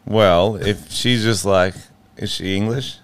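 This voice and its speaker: A man's voice: on the low side, takes it slowly, smooth, dry recording. A man hosting a podcast, cutting in with teasing, sardonic remarks. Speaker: podcast host. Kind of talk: casual podcast chat.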